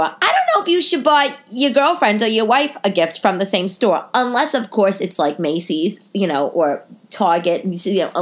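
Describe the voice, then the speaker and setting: A woman in her forties with a stuffy nose, talking casually to her podcast listeners at home as a comedian host, rambling through tangents and self-corrections, her voice jumping up in pitch for emphasis. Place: living room at home.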